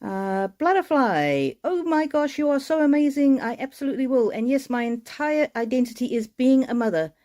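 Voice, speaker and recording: Tender, mellow-voiced woman reading cards. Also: sits high, animated, normal speed, few pauses. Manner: tender, soothing, emotional. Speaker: oracle card reader. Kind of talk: live-streamed card reading.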